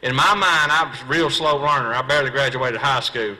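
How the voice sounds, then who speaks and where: This rough recording catches a bright-voiced, mid-range Southern man, a professional bass angler, doing a comedy fishing seminar in a seminar hall. He tells folksy stand-up stories to a live audience, poking fun at himself, acting out dialogue and delivering quick punchlines.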